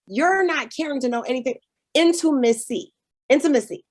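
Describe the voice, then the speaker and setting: A young woman with a Southern US accent, a guest in a casual chat, animated and emphatic, repeating her points. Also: on the high side, normal speed.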